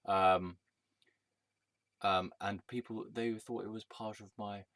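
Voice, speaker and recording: A man's voice: lowish voice, steady tone, slow pace, fairly bright tone, no room sound. A man telling a personal story in a rambling, angry rant, swearing and restarting his sentences. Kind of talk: casual storytelling monologue.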